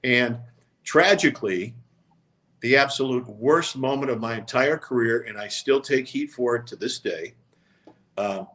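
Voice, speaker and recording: Older man, sports show co-host, casual story-spinning, mid pitch, reflective. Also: fairly bright tone. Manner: reflective, regretful storytelling with quoted voices.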